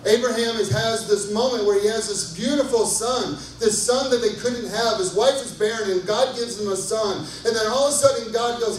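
Male pastor, high-pitched, casual and lively, keeps checking in with the congregation; distant, roomy sound with faint noise. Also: normal speed, few pauses. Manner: conversational and enthusiastic, asks the crowd often. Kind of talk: sermon. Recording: echoey hall from far off, faint noise.

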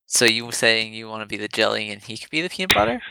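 A man's voice: lowish voice, sing-song, quick pace, creaky, noisy background. A man voicing a small, sarcastic male adventurer who teases his companions. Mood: teasing. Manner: teasing, sarcastic.

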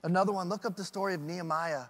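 A man preaching a sermon as a pastor, telling stories with animated acted-out voices. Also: high-pitched, racing, long reverb tail. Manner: animated storytelling with acted quotes.

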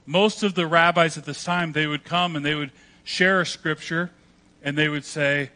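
A man preaching a sermon, speaking with animated energy and briefly acting out quoted voices. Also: on the high side, normal speed. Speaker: pastor.

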